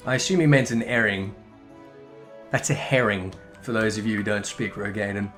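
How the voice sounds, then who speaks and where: A man's voice: fairly low pitch, moderate pace, fairly bright tone, soft background music. A man giving casual, rambling gameplay commentary, swearing and correcting himself as he goes. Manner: rambling, profane, self-correcting. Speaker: game commentator.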